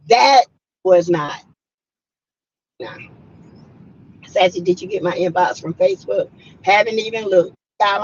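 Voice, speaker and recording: A hoarse woman, chatting casually and emphatically on a livestream and greeting viewers by name. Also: lowish voice, slight background noise. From South Carolina. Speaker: livestream host. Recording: muffled lo-fi audio.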